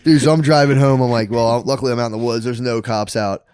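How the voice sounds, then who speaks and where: Animated man telling a story, dry mic. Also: medium pitch, fast, smooth, no echo. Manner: animated, says "dude" a lot, loud bursts when acting out. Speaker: podcast co-host. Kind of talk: casual comedic storytelling.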